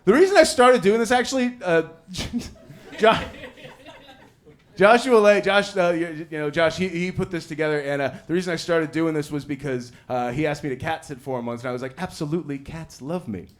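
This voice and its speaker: A man comedian speaking casually on stage, rambling and halting with frequent giggles. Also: on the high side, steady tone.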